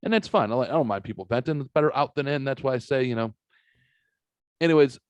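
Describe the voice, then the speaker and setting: A middle-aged podcast host with a mid-range voice talks fast, recorded with no echo, as he spins a long, profane story. In a casual, chatty way he animatedly retells it, putting on voices to quote the people involved.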